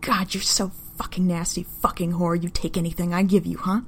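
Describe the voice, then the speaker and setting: A woman reading the part of a cruel, taunting young man whose voice is thin, haggard and dry, with a low, flat, gravelly delivery. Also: fairly quick. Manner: sneering, crude taunts.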